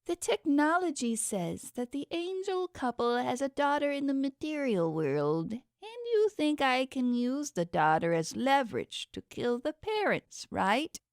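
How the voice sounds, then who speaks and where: A woman's voice: sits high, big pitch swings, no room sound, clean studio sound, voice pushed up, heavily acted. A woman voicing a pompous, impatient male underworld god who tries to sound royal. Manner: haughty, drawn-out, trying to sound royal. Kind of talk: audiobook character voice.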